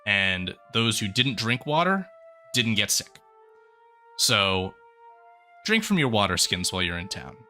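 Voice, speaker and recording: A man narrating as game master of a tabletop fantasy game, relaxed with frequent pauses. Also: on the low side, soft background music. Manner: relaxed, lots of filler pauses.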